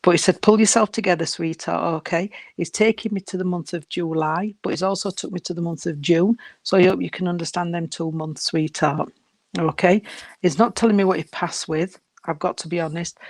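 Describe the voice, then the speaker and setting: A woman giving a spirit reading to a sitter, gentle and unhurried, often calling her sweetheart and darling. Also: lowish voice, no echo. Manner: unhurried, halting delivery. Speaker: psychic medium.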